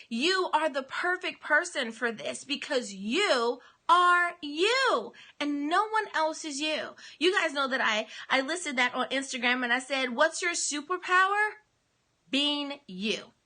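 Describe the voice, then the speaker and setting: A middle-aged woman with a high, bright voice delivers a motivational talk like a minister. She drives her points home with emphatic repetition and rising calls to the listener. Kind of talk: live-streamed motivational talk.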